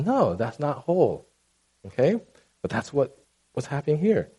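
A man preaching a sermon in a conversational, animated way, often checking in with the congregation. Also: on the high side, normal speed, long pauses, slightly rough. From Asian background.

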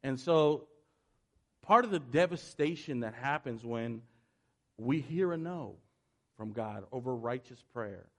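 A man teaching from scripture. He reads the passages quietly and evenly, then explains them with earnest emphasis. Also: mid-range voice, expressive, unhurried. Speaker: Bible teacher.

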